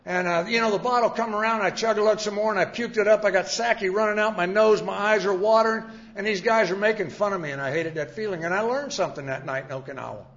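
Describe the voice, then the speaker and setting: A man's voice: sits high, fast talker, hardly any pauses, a bit bright. An older man telling his own story to an audience in a plainspoken, folksy, self-mocking way. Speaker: speaker sharing a recovery story. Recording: dull lo-fi sound.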